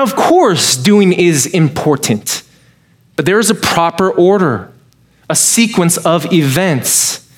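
A man preaching a sermon as pastor, emphatic, with touches of dry humor. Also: high voice.

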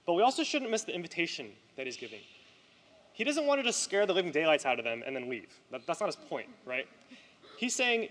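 A man's voice: high-pitched, big pitch swings, fast talker, a bit bright, big-room sound. A man preaching a conversational sermon to a youth group, often checking in with "right?".

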